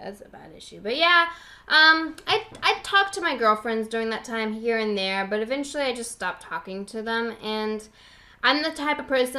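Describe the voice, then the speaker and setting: A woman's voice: a little high, sharp tone. A young woman hosting her own podcast from home at a computer, rambling in loose casual chat, full of "like" fillers and the odd swear. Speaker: podcast host.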